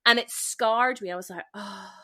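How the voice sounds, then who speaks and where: A woman's voice: on the high side, lively intonation, moderate pace, sharp tone. A woman with a light Scottish accent hosting a casual podcast chat, chatty with lots of fillers and frequent laughs. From Scotland. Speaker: podcast host. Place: home.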